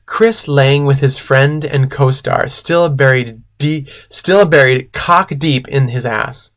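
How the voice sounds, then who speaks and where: A man, a drag queen host, reading fan fiction aloud and breaking off for sarcastic, deadpan commentary. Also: mid-range voice, unhurried, hardly any pauses. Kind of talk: comedic read-aloud with commentary.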